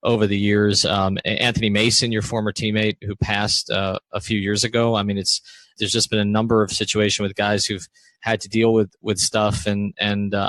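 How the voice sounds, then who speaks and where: A male podcast host and sports writer giving background and asking interview questions in a measured, explanatory way. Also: lowish voice, fairly bright tone, dry recording. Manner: measured, explanatory, with frequent "uh" fillers.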